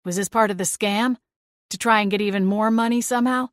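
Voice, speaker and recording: A woman's voice: mid-range voice, fairly even intonation, a little fast, no echo, studio quality, natural voice. Woman reading an angry, betrayed young man. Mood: accusing. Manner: urgent, accusing. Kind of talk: audiobook character voice.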